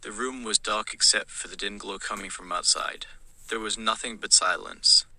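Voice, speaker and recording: A man streaming live, reading a generated text game aloud in a steady, flat read-aloud delivery. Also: fairly low pitch, moderate pace, rough recording. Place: home streaming setup.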